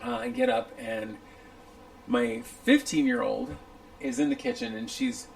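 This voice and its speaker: Casual podcast co-host, middle-aged woman, high voice with a lot of gravel, lively storyteller. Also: unhurried, a little hiss or hum, poor audio. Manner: swears freely, animated storytelling. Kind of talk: casual chat. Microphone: studio microphone.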